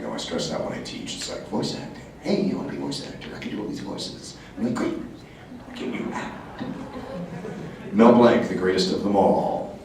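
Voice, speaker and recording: Man, voice actor on a panel, lively pitch, lowish voice, echoey hall heard from afar. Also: distant mic, background noise. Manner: animated, jumps into quick voices and asides. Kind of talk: convention panel talk. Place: large convention hall.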